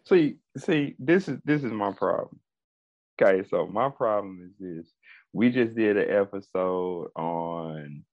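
A man co-hosts a casual podcast chat, speaking slowly. He rambles and repeats words while working toward his point. The sound is dry and a little lo-fi. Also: low voice, no echo. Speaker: podcast co-host.

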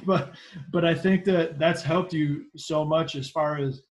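A man's voice: fairly high pitch, slow pace, poor audio. A man hosting a podcast for coaches, speaking earnestly as he thanks his guest and signs off the show. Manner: earnest, even-toned, praises his guest. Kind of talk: podcast interview and sign-off.

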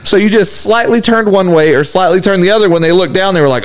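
A man's voice: high-pitched, fast talker. A young man co-hosting a casual podcast, telling stories with lots of laughter and acted-out quotes. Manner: laughs often, acts out quotes animatedly. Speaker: podcast co-host. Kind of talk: casual chat.

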